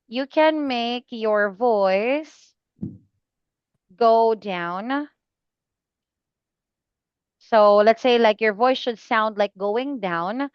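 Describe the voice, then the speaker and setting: Woman tutor talking slow n patient, kinda high, clear but dull sound, dry. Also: no room sound. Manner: slow, patient, repeats the student's name often. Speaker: IELTS speaking tutor. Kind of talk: one-on-one online lesson feedback.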